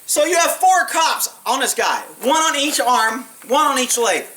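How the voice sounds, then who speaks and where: Male ex-cop storyteller: bright, sharp tone, blunt and profane, plays out the dialogue himself. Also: very high voice, unhurried, rough recording. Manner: blunt, profane, animated retelling with acted quotes. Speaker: former police officer telling stories. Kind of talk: casual storytelling monologue.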